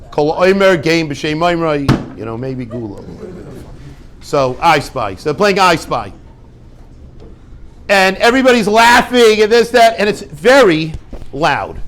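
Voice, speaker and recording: A man giving an informal Torah talk to a group, lively and conversational, acting out little dialogues and dropping Hebrew and Yiddish words. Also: on the high side. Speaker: rabbi teaching a class.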